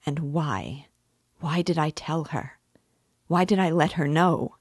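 A tormented young man confessing in slow, heavy words, as a woman reads him aloud from a novel. His lines rise into despairing cries, in a dry, close recording. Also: sits low, no echo. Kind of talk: audiobook reading.

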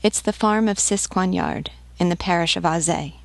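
A timid, bewildered peasant mother, as a woman reads her lines who stammers out short answers. Her voice is low and slightly gravelly, heard close and dry. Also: big pitch swings, dry recording. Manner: halting, stammering.

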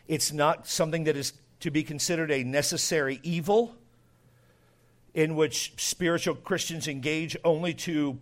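High-voiced preaching man, drawl. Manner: emphatic preaching, swinging from quiet asides to loud bursts. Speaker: pastor. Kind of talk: sermon.

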